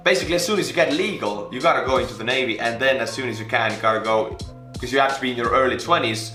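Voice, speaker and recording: A man in his twenties from Estonia, hosting a casual, playful reaction video with jokey shout-outs. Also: mid-range voice, rapid-fire. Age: 20s. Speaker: YouTube host reacting to a video. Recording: roomy echo with faint music.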